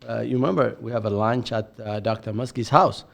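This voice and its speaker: Middle-aged male co-host, gravelly, stammering repeats, earnest discussion. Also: medium pitch. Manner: repeats words, halting restarts, earnest. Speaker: podcast co-host. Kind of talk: casual podcast discussion.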